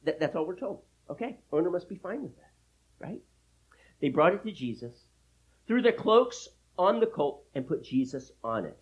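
Husky, lively-voiced man preaching. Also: on the high side, normal speed, dull audio. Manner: emphatic, animated Bible teaching with asides to listeners. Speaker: pastor. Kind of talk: expository sermon.

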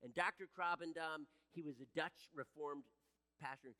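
A man delivering a sermon with a bright, forceful voice that builds in earnest intensity. He often stops and restarts his sentences. The sound carries a long reverb from a large hall. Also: on the high side, moderate pace. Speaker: pastor.

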